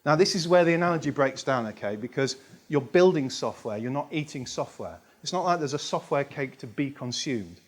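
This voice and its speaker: A man teaching agile software practice in a casual, rambling way, full of fillers and self-deprecating asides. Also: mid-range voice, expressive, brisk. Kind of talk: casual explanatory talk.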